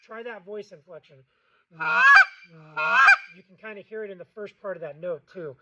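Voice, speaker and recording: A man's voice: high voice, moderate pace, muffled recording, very noisy. A man giving a casual how-to tutorial on goose calling, plainspoken and loose, repeating himself with fillers. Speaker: goose call instructor.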